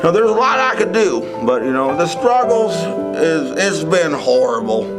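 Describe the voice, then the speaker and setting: A man's voice: fairly high pitch, big pitch swings, normal speed, low-quality recording. A man rambling about his struggles in an interview. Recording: loud music behind.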